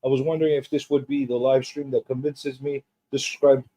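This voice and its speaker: A man hosting a casual pop culture livestream, teasing his guest and chatting in an animated way. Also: brisk, no room sound. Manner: animated and teasing, jumps between high and low.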